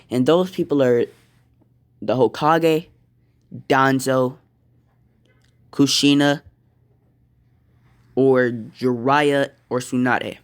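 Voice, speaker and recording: A man narrating an improvised fan story at a very slow pace. His speech is halting, full of pauses and restarts. His voice sits in a mid pitch.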